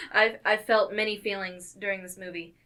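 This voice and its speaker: A woman with a bright voice that rises and falls a lot chats about a movie. She is blunt, swears without hesitation and laughs easily. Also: mid-range voice, huge pitch swings, moderate pace. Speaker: movie podcast co-host. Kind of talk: casual chat.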